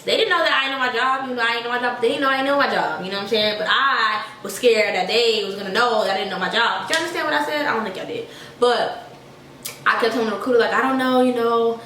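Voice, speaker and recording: A woman's voice: on the high side, fast, pushed and bright, recorded from a distance. A young woman from Georgia, a soldier telling a chatty storytime to her viewers and calling them y'all. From Georgia, USA. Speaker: army soldier. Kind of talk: casual storytime vlog. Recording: echoey room, voice a bit off-mic, faint noise.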